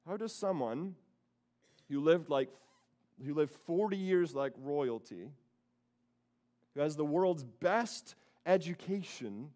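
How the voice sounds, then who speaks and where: A man pastor preaching a sermon, telling the story with lively quoted voices. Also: a little high, takes it slowly, long pauses. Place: church sanctuary.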